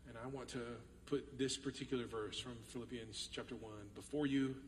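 Earnest Texan pastor in an echoey hall. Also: male voice, mid-range voice, steady tone, fairly quick, far from the mic, a little hiss or hum. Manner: earnest, repeats "listen" and key phrases for emphasis. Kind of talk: sermon. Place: church sanctuary.

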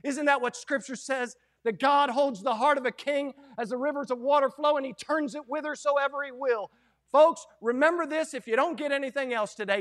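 Fervent male Baptist preacher, very high voice, dramatic swells in volume. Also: normal speed. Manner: impassioned preaching, swings from hushed to loud. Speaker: Baptist pastor. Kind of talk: sermon.

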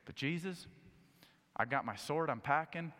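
A man's voice: on the high side, unhurried, pushed and bright, pitched below the performer's own voice. Casting: a brash male disciple bragging to his friend, slangy and eager, as a man puts him on, reverb-heavy hall. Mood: boastful. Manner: casual slangy bravado. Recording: echoey hall with long reverb.

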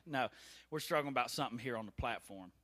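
A man's voice: medium pitch, fast, pushed and bright. A man in his thirties preaching an informal sermon from a church platform, talking candidly and conversationally with personal stories and asides. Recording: long reverb of a large hall.

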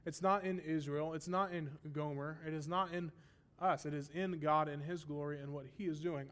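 A man's voice: a little high, steady tone, normal speed, fairly bright tone. A man teaching a Bible lesson in a sermon style, explaining step by step and often checking in with a rhetorical "right?". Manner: stresses repeated phrases for emphasis.

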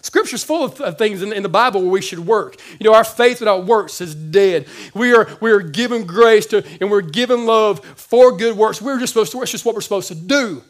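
Man, high voice, pastor, lively sermon, casual slang, loud then hushed. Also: a little fast, few pauses.

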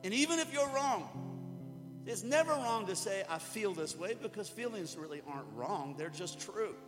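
A man's voice: sits high, lively intonation, moderate pace. A man preaching a sermon to a room, talking casually, joking and acting out little quotes. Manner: conversational, joking, with acted-out quotes. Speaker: pastor. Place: church hall before an audience. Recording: hall reverb with music behind.

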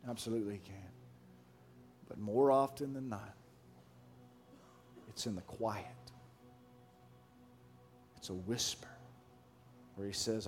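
A male pastor preaching a sermon and then praying at a church service, swinging between near-whispers and loud shouted questions. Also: on the low side, slow, pauses often, soft background music.

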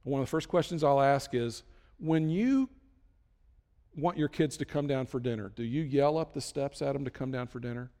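A man preaching a conversational sermon as a pastor, emphatic, with sudden loud bursts. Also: medium pitch, normal speed, in a large hall.

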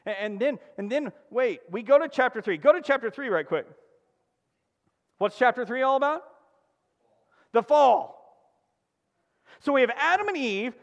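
Preacher guy, pretty high voice, super animated, loud then hushed, lots of hall echo. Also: highs cut off. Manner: emphatic, call-and-response preaching with sudden drops to a hush. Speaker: pastor. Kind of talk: sermon.

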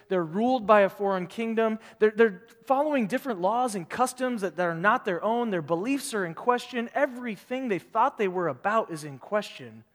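A pastor delivers his sermon in a bright, high-pitched male voice. He preaches with animation, repeats phrases for emphasis, and acts out quoted voices. Every word trails off into the long reverb of a large hall.

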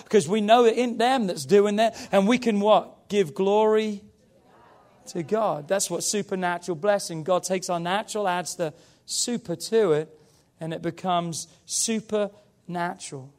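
A man's voice: high-pitched, moderate pace, darkish tone. A man preaching a sermon with passion, building to emphatic, raised peaks. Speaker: pastor.

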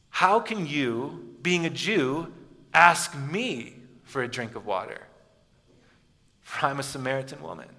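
A man preaching a sermon, telling a story and often dropping to a quiet, soft voice for emphasis. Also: medium pitch. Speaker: pastor. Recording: echoey hall with long reverb.

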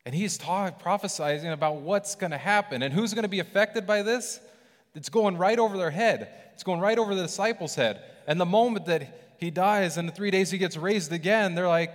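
A man preaching a casual sermon, animated and conversational, acting out scripture with lively voices. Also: high voice, moderate pace, in a large hall.

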